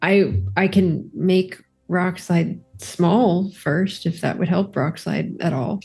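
A woman's voice: lowish voice, slow, creaky, darkish tone, faint music behind. A woman playing in a tabletop game, rambling through her plans with frequent giggles. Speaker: player.

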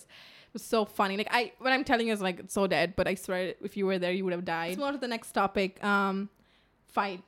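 A woman in her twenties chatting casually as a podcast co-host, telling stories in an animated way with swearing and laughter. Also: mid-range voice, fairly quick. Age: 20s. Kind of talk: casual chat.

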